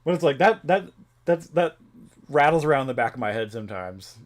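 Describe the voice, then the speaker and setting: A man's voice: medium pitch, expressive, fairly quick. A young man chatting casually on a live stream, rambling with many fillers and restarts and laughing often. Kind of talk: casual chat.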